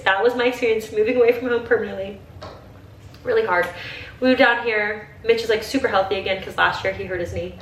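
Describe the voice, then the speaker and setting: A woman's voice: medium pitch, fairly even intonation, fast, slight background noise. Chatty young woman, roomy distant sound. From Ohio. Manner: chatty, emotional, tearful at times, heavy use of "like". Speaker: vlogger. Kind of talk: casual get-ready-with-me chat. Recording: roomy, slightly distant home audio with faint ambience.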